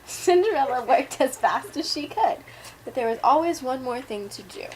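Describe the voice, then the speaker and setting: A woman's voice: high voice, animated, normal speed, slight background noise, poor audio. A young woman reading a children's storybook aloud at home, giggly and playful. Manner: giggly, breaks off to laugh and banter.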